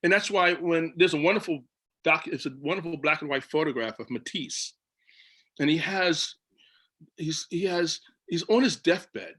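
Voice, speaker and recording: Man, bright voice, animated storyteller, video call. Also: on the high side, moderate pace. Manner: animated storytelling, acts out his own quoted lines. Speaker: children's book illustrator. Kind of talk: casual talk on a video call panel.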